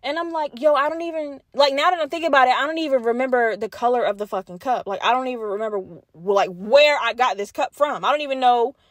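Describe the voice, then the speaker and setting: A woman's voice: sits high, fast talker, few pauses, dry recording. A young woman hosting a podcast, telling a story in a casual, profane way and talking straight to her listeners. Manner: profane, animated, addresses listeners as y'all. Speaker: podcast host.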